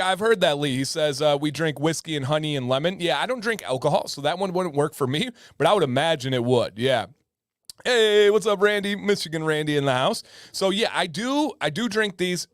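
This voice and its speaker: A man's voice: fairly high pitch, dry recording, clean studio sound. Chatty joking man hosting a livestream. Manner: chatty, joking, greets viewers by name. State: slightly sore throat. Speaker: livestream host. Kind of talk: casual livestream chat.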